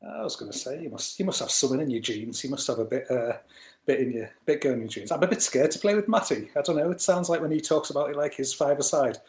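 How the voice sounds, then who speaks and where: A man's voice: fairly high pitch, fast talker, a little mellow. A man from England chats loosely as a podcast co-host, breaking into laughter as he tells stories. He swears casually and often restarts his sentences. His voice comes across with a roomy echo around it. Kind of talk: casual chat.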